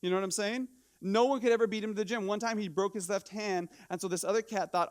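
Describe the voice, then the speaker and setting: A man preaching in church with a high, lifted voice. He talks to the congregation in a lively, conversational way, throwing out rhetorical questions and tripping over quick restarts as his energy climbs. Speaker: pastor. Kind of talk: sermon.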